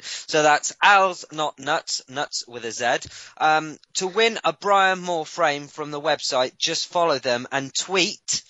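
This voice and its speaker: A man's voice: a little high, pushed and bright, dry recording. A man hosting a casual fan podcast, cheerfully running through the competitions and calling on each guest. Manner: brisk, cheerful running of segments. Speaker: podcast host. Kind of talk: casual chat. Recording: dull, lo-fi podcast sound.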